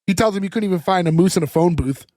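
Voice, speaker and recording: Man podcast host, casual chatty recap, scratchy throat, slightly high voice, dry close mic. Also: racing, warm tone, no echo. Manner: laughs often, chatty.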